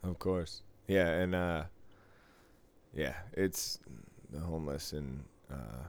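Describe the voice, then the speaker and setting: A man's voice: very deep voice, slow pace. A middle-aged man, a casino dealer, chatting casually and telling a profane work story, acting out both sides of an argument. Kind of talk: casual podcast chat.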